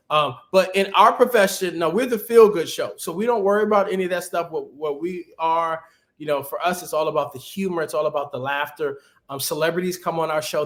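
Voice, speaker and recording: A man speaking casually as a guest in a webinar interview, giving animated, conversational career advice over a video call. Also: on the high side. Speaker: guest, TV executive producer.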